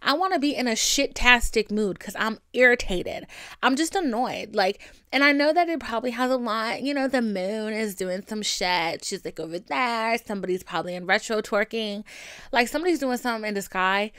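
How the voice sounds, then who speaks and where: A woman's voice: fairly high pitch, brisk, fairly bright tone, clear, resonant tone, no room sound, clean studio sound. A young woman hosting her own podcast, venting in a candid, chatty and profane way full of asides. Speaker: podcast host. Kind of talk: casual solo venting podcast.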